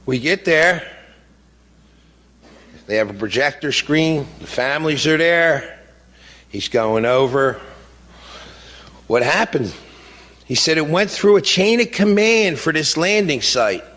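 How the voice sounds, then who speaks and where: A man's voice: fairly high pitch, expressive, takes it slowly, pauses often, a bit bright. Middle-aged man, blunt impassioned speech, rhetorical questions, long hall echo. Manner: blunt, emotional, plain-spoken with rhetorical questions. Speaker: bereaved father giving a speech.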